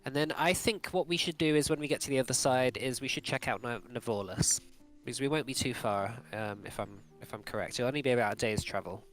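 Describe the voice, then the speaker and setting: A man's voice: mid-range voice, fast talker, hardly any pauses, a bit bright, soft background music. Hesitant game master man. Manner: hesitant, many fillers and restarts. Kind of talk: narrating a tabletop game.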